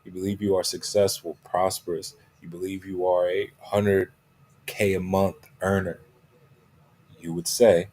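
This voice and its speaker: A man with a low, husky voice gives a motivational coaching talk. He leans on repeated key phrases and punctuates nearly every point with "right?" or "okay?". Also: level tone, a little slow, darkish tone. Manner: checks in constantly with "right?" and "okay?".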